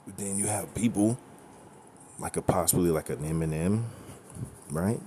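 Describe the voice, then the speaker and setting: A man's voice: deep voice, moderate pace, warm tone, slight background noise. A man teaching scripture in a blunt, profane, emphatic way, often checking in with "okay?" and "right?". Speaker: religious teacher.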